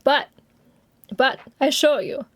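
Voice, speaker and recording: A woman's voice: high-pitched, slow pace. A young woman streamer chatting casually on a live stream, giggling often and swearing offhandedly, with music faintly behind. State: has covid.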